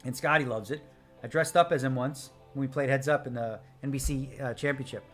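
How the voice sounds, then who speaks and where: A man's voice: medium pitch, a little fast, a bit bright. A man talking casually while streaming a poker game. He is brash and playful, tossing off jokes and replying to viewer comments in an easygoing mid-range voice. Faint music plays behind him. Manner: brash, joking, answers viewer chat. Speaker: poker player live-streaming. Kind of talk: casual live-stream chat. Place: home streaming setup.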